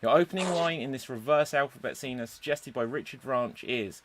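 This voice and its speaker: A man's voice: medium pitch, a little fast, hardly any pauses, fairly bright tone. A man hosting a live improv comedy show over a video call, upbeat as he reads out suggestions. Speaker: host.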